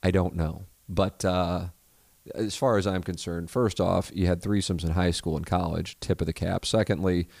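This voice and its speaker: A man's voice: low voice, fairly even intonation, normal speed, creaky, darkish tone, dry recording. A man hosting a podcast, rambling profanely through a listener email, full of restarts and asides. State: married. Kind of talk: casual rambling monologue.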